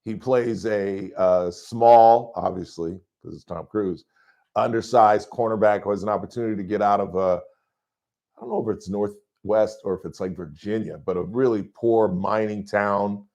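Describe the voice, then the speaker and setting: A middle-aged man hosting a call-in sports radio show in a studio, talking loudly and rambling through stories. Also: fairly low pitch, normal speed. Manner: loud, rambling, animated storytelling.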